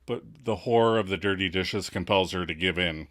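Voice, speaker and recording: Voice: low voice, brisk, few pauses. A podcast co-host casually recapping a sitcom episode, acting out the characters' lines with lots of energy. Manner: animated, acts out quotes.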